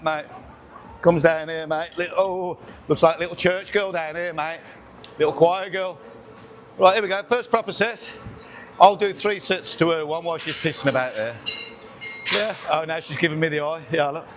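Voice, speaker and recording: Chatty gym man, slightly high voice. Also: fairly bright tone, a little hiss or hum. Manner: chatty, banters, counts reps aloud. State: out of breath between sets. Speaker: gym vlogger. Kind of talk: casual chat while training. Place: busy gym, indoors. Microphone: camera on tripod nearby.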